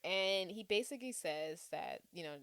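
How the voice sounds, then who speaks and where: Woman co-host, casual movie chat, animated and laughing, dry close sound. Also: lowish voice, moderate pace, no echo. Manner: animated, laughs often, breaks into sung lines. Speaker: podcast co-host.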